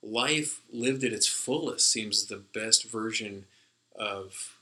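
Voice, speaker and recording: A man with a low, very bright voice talks through an idea in casual conversation. He rambles and restarts, with plenty of fillers. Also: slow, poor audio. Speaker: podcast co-host. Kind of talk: casual discussion.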